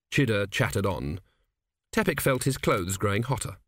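A man narrating a comic fantasy audiobook in a wry, expressive storytelling manner. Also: on the low side, moderate pace, no room sound, clean studio sound. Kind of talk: scripted narration.

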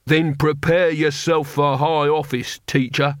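A man's voice: on the high side, flat delivery, unhurried, a bit bright, no room sound, studio quality. A man voicing a hot-tempered old barbarian who roars and blusters. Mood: outraged. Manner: roaring, blustering.

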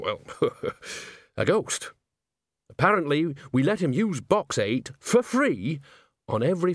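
Man playing a blunt male cheese merchant, wry, plain-spoken, lively pitch, storybook. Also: dry recording, clean studio sound.

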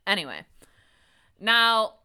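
A woman's voice: medium pitch, sing-song, takes it slowly, sharp tone, smooth. A woman co-hosting a podcast, chatting casually and animatedly as she recaps a TV episode and acts out the characters. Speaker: podcast co-host.

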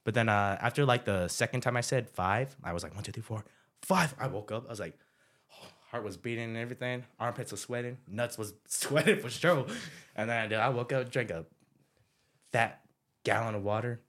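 A man's voice: medium pitch, fairly quick, fairly bright tone. A young man telling stories in a casual chat with friends, slangy and laid-back, laughing often. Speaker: podcast co-host.

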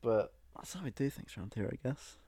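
A man's voice: medium pitch, expressive, a little fast, gravelly, mellow, slightly rough, dry recording. Joking man hosting a podcast. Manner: playful, teasing, swears freely. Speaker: podcast host. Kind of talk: casual joking podcast chat.

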